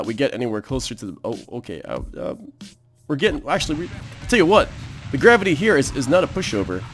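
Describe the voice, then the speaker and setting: A man hosting a let's play, giving excitable gameplay commentary and exclaiming at what he sees on screen. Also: mid-range voice.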